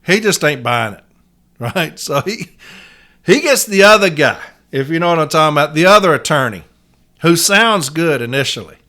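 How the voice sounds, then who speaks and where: A man with a slightly high, bright voice rants at a moderate pace on his own podcast, sounding animated and forceful. Speaking as a union letter carrier, he is angry and emphatic and curses freely throughout this heated solo rant.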